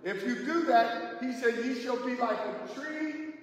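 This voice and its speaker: A male pastor preaching a sermon in call-and-response, asking the church to finish his lines and rising to shouts on key points. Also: very high voice, a little slow. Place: church sanctuary. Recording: echoey church hall, mic far off.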